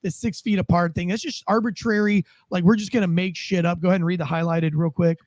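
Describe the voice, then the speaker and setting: A man's voice: high voice, fairly even intonation, fast, darkish tone, no room sound. A man hosting a podcast, talking through the news in a casual, profane, rambling way. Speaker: podcast host. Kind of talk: casual political commentary.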